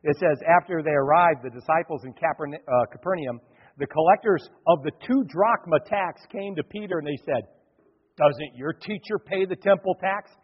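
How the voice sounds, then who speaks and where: Pastor guy preaching, kinda high voice, husky, big echo, sounds a bit dull. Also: normal speed. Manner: animated preaching, acts out quoted voices. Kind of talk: sermon. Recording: dull sound, long hall reverb.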